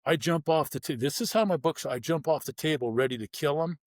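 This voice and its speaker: A man's voice: a little high, a little fast, no echo. A man telling his story bluntly in an interview, acting out the people he quotes. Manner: vivid, blunt storytelling with acted-out dialogue. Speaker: guest, former pro football player.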